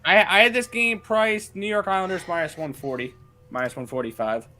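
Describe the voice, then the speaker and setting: A man's voice: high voice, brisk, sharp tone, soft background music. A man talking hockey betting lines on a livestream, terse and focused on prices and numbers. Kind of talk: casual sports betting talk.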